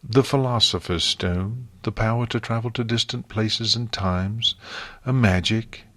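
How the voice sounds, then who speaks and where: A man's voice: fairly low pitch, a bit bright, dry recording, pitched above the performer's own voice. A man reading an audiobook, voicing a frightened, tearful young female unicorn who whimpers and stammers. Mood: shaken. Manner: whimpering, sniffling, halting.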